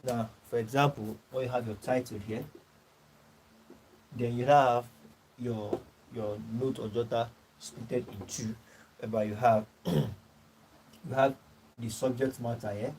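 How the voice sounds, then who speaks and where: A man with a Nigerian English accent teaching a course class, repeating his points, clearing his throat and checking in with "all right" and "you know". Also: medium pitch, fairly even intonation, unhurried, pauses often, a little mellow, a little hiss or hum, rough recording. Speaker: course tutor. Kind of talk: classroom lecture.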